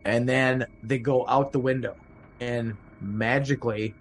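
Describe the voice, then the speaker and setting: A man's voice: mid-range voice, fairly even intonation, a little slow, slight background noise, poor audio. A man hosting a podcast, casually recapping a horror film with lots of fillers and acted-out quotes. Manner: rambling, many fillers, acts out quotes. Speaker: podcast host.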